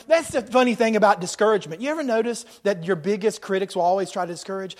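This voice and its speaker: Middle-aged guy pastor preaching, highish voice, acts out voices, loud then quiet. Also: fast talker, few pauses. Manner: animated preaching with acted-out voices and swings from loud to hushed. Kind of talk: sermon.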